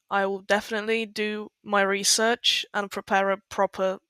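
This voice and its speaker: Young female co-host, crisp and dry, flat delivery, matter-of-fact. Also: medium pitch, no echo. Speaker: podcast co-host. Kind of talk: casual chat.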